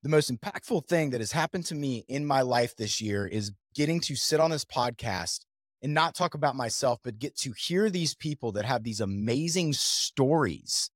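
A man's voice: mid-range voice, expressive, moderate pace, no room sound, studio quality. A man hosting a podcast, talking casually with a rambling, filler-heavy manner. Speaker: podcast host. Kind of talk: casual chat.

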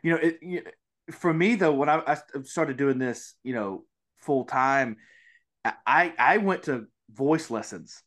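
A man's voice: fairly high pitch, fairly bright tone. A man from Mississippi with a Southern accent, hosting a podcast interview in a rambling, chatty way with lots of fillers. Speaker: podcast host. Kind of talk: casual interview chat.

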